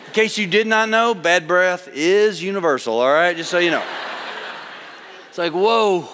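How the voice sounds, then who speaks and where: Preacher man booming in a reverberant hall. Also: moderate pace, a little hiss or hum. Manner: swings from loud exhortation to hushed storytelling. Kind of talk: sermon with personal story.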